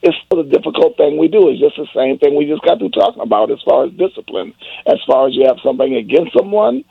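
A man's voice: animated, quick pace, vocal fry, husky, no echo. An older man hosting call-in radio talk, emphatic and preachy in manner. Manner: emphatic, preachy, wide swings in pitch. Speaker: radio host. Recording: dry, phone-like radio sound.

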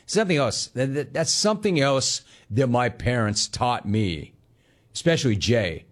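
A man's voice: medium pitch, a little slow. A man hosting a sports talk show reads out listener comments and riffs on them. His talk is loose, casual and joking, in an ordinary mid-range voice. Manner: animated, riffing and joking on viewer comments. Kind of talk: casual chat reading listener messages.

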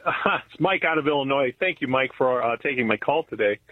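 A man calls in to a talk show over a tinny, phone-like line. His voice is husky and he talks in an earnest, folksy way. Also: medium pitch, lively intonation, brisk, no room sound. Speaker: caller. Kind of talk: call-in radio chat.

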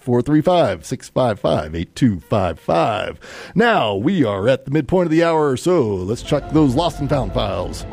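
A man hosting a local radio music show, chatting and reading out announcements, with phone numbers read slowly. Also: fairly high pitch, a little mellow, no echo. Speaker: radio host. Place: radio studio.

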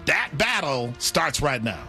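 Animated, high-voiced sports analyst man. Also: slow, faint music behind. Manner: animated, showy sales-pitch delivery. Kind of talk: hyped game preview segment.

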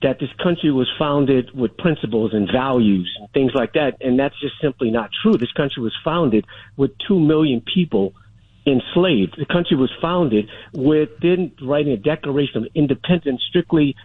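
A man's voice: mid-range voice, expressive, moderate pace, husky, dry recording. A middle-aged man calling a radio show, arguing insistently and holding his ground over interruptions. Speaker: caller. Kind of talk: radio call-in talk. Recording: phone line.

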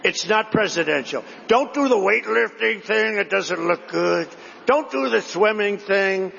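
Brief: a man putting on an elegant wife gently pleading, high gravelly voice, echoing hall. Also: expressive, a little slow, dull audio, a little hiss or hum, exaggerated voice.

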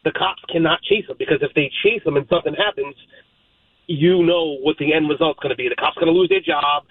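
A man's voice: a little high, fairly quick, breathy edge, no room sound. A man calling in to a radio talk show, making his point emphatically and repeating himself. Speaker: radio caller. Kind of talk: phoned-in opinion. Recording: tinny phone line.

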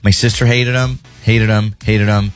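A man's voice: on the low side, level tone, moderate pace, faint music behind. A man in his thirties co-hosting a radio show, bantering casually, telling stories and joking with playful asides. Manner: jokey, storytelling, playful sing-song asides.

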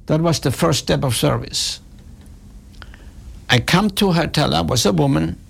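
A man with a slightly high, gravelly voice tells a story to an audience. His tone is husky, and he hammers home his points by repeating them. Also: measured pace, fairly bright tone. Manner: emphatic, repeats key points. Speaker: speaker on customer service.

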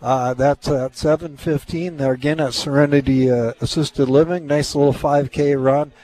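A man talking as a guest on a radio show, explaining a local festival in a friendly, halting way with many fillers. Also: a little high, fairly even intonation, warm tone, low-quality recording. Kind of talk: casual radio interview.

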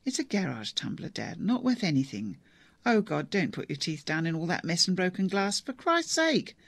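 A narrator voicing a harried daughter, raised and gravelly. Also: female voice, lowish voice, very animated, moderate pace, dry recording. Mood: frantic. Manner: exasperated, raised voice. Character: harried grown daughter caring for her difficult father.

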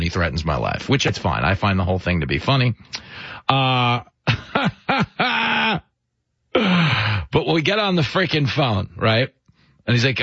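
A man's voice: on the low side, very animated, normal speed, a bit bright, dry recording. A man hosting a talk radio show, telling stories and joking at his own expense. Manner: self-deprecating, joking storyteller. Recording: dry, muffled radio broadcast.

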